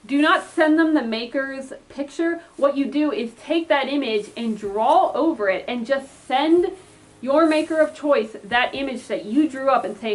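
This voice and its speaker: A woman's voice: high voice, normal speed, low-quality recording. A young woman who makes fursuits, giving chatty advice to customers and pleading with them while acting out the messages they might send. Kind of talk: casual advice vlog.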